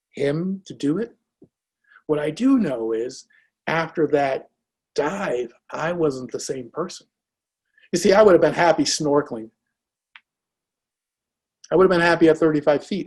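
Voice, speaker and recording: A man spins a motivational anecdote and brings each exchange to life as he tells it. His voice sits a little high, with a gravelly, husky edge. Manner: lively, acts out dialogue in anecdotes. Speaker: speaker. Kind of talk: motivational storytelling.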